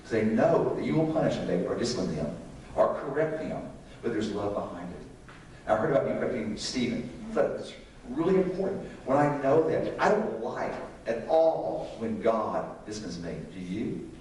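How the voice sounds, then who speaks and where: A man's voice: fairly low pitch, sing-song, moderate pace, darkish tone. An older man leads a church class for parents, talking in a conversational way and often putting questions to the room. His voice comes from some distance away and rings in a very echoey room. A faint hum of room noise sits behind him. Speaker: Sunday school teacher.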